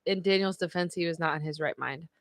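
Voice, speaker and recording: A woman with a lowish, fairly bright voice talks fast on a dry recording. She hosts a casual livestream, telling a story chattily, peppering it with "like" and "you know," and laughing often.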